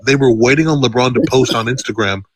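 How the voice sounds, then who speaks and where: A man's voice: medium pitch, fast talker, breathy edge, no echo. A young man on a sports debate panel who keeps pressing to cut in. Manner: persistent, keeps asking to cut in.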